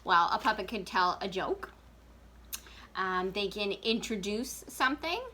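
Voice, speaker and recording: A woman's voice: medium pitch, expressive, unhurried, pushed and bright, slight background noise. A woman working as a children's librarian, giving a casual, chatty craft tutorial and laughing often. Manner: chatty, giggly, full of fillers.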